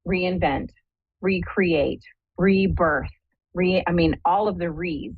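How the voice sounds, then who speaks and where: A woman's voice: lowish voice, slow, breathy edge, dry recording. A woman hosting a live call-in psychic show, chatty and upbeat, talking straight to her listeners. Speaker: medium and show host. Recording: dull dry lo-fi sound.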